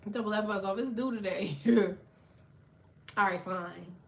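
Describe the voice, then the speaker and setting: A woman's voice: medium pitch, measured pace. A woman tarot reader chatting on a live stream, cursing freely, laughing often and talking back to viewers in the chat. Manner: profane, animated, laughing, reads chat aloud.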